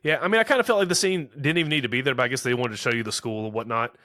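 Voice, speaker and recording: 30s guy recapping a movie on a podcast, rambly, tons of "you know", bright voice. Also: medium pitch, racing, dry recording, clean studio sound. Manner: rambling, many "you know" fillers, acts out quotes. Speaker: podcast co-host. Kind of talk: casual movie recap chat.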